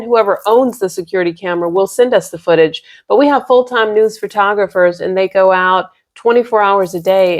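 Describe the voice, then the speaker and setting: A woman who works as a news reporter, explaining her job to a child in an upbeat, playful, emphatic way. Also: mid-range voice.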